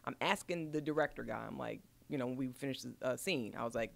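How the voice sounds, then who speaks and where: A woman's voice: a bass voice, quick pace, vocal fry. A woman, an actress, chatting casually on a podcast and telling stories bluntly with plenty of swearing. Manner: blunt, profane, animated storyteller. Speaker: actress guest.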